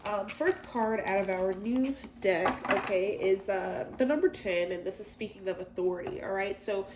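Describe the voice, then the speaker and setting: A woman's voice: medium pitch, normal speed. A woman giving a casual tarot reading, chatty and rambling, with many fillers and asides. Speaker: tarot reader. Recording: echoey room with faint noise.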